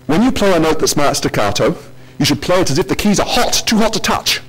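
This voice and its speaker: A man's voice: fairly high pitch, animated, fast talker, husky. A man presenting a technical conference talk in a lecture hall, with joking asides to the audience.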